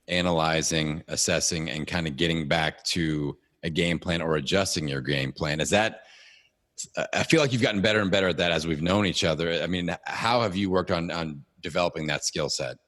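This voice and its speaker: A man's voice: deep voice, fairly bright tone. A man hosting a podcast who works as a coach, talking in an encouraging, thoughtful way. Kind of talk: casual podcast interview.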